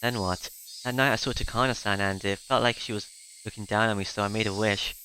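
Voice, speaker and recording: Man voicing a desperate teen boy, stumbling, urgent, low pitch, sharp tone. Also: fairly even intonation, fairly quick, slight background noise, low-quality recording. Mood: anxious. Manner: stumbling, urgent, repeating himself. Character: shaken teenage boy, desperate and agitated.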